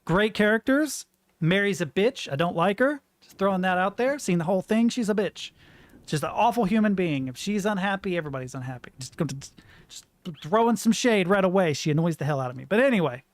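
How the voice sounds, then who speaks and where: A man's voice: sits high, animated, brisk, no echo. An American man in his thirties chatting frankly and rambling while commentating a game he plays. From United States. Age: 30s. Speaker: let's play host. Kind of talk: casual gameplay commentary.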